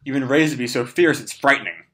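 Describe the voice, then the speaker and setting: A hoarse man reading as Ao, a cold veteran ninja. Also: mid-range voice, lively intonation, quick pace, fairly bright tone, close to an everyday voice. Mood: stern.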